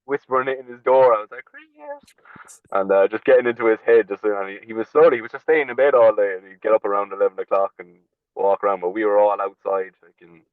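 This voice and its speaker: An Irish man with a lowish voice rattles through his stories at speed, blunt and swearing freely. He comes through a thin, phone-like line that is dry and close. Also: quick pace, no echo. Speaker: podcast guest, slap fighter. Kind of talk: casual storytelling chat.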